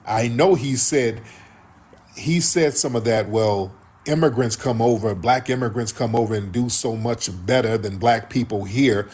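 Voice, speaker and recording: A show host reads viewer comments, telling a story in casual commentary and acting out what others said. His mid-range voice is husky and a little mellow, at a measured pace.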